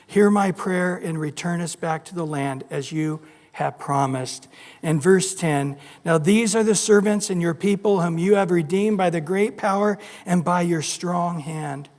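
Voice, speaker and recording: Pastor, male, lively storyteller voicing quotes; bright high register, church reverb. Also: measured pace. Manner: animated storytelling, acting out quoted voices. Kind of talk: sermon. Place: church sanctuary.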